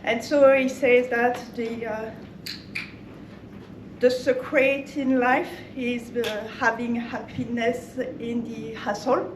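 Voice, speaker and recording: A woman giving an impromptu club speech, laughing often and halting on fillers. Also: a little high, fairly even intonation, noisy background. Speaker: table topics speaker. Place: meeting room. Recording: echoey room, mic far off.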